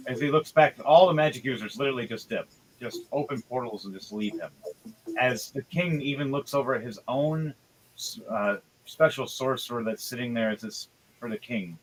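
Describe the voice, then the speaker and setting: A man narrating a tabletop game as game master, telling the story unhurriedly with filler pauses. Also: mid-range voice, low-quality recording. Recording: loud background music.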